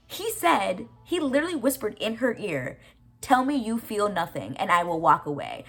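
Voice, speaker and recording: A young woman recapping a TV episode in casual, profane, gushing chat with quick asides. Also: mid-range voice, animated, a bit bright, soft background music. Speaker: reaction video host.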